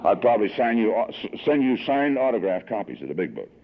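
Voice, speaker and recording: A man's voice: on the low side, sing-song, fast talker, background noise. A man in his sixties from Southern California giving a heartfelt personal testimony at a recovery meeting, telling his story with emotional swells. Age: 60s. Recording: tinny lo-fi 1982 archive tape.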